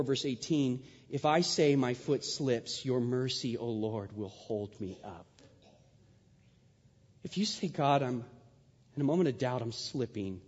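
A man preaching a sermon in a church, swinging from hushed, drawn-out words to loud, rising passages. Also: medium pitch, husky. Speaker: pastor. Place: church sanctuary. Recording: dull sound with long hall reverb.

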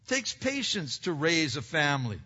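A man preaching in a church hall, his bright, husky voice carrying a long reverb. He swings between loud emphatic preaching and quiet earnest asides, often asking the congregation questions and answering them himself. The recording is dull and lo-fi. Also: fairly high pitch, sing-song, moderate pace. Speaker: pastor. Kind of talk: sermon.

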